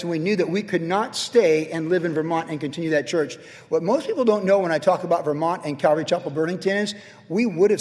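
A man's voice: high voice, darkish tone. A middle-aged male pastor preaching a sermon, telling stories animatedly and repeating phrases for emphasis. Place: church sanctuary. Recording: reverberant church hall.

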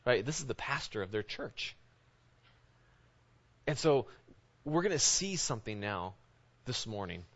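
A man's voice: mid-range voice, very animated, unhurried, long pauses, a bit bright. A man, a pastor, giving an informal, conversational sermon, often checking in with his listeners by asking "right?". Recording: dull lo-fi recording.

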